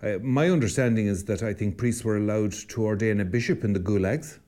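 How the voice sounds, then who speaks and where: Irish male priest, podcast co-host, mellow and reflective, conversational storyteller. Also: lowish voice, fairly quick. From Ireland. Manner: reflective storyteller with frequent restarts. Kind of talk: casual conversational podcast talk.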